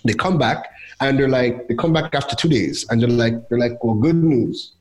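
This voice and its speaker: A young man from Trinidad, telling a personal story in a casual chat as a guest, animated and quoting others. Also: medium pitch, moderate pace. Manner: animated, lively retelling with quoted voices.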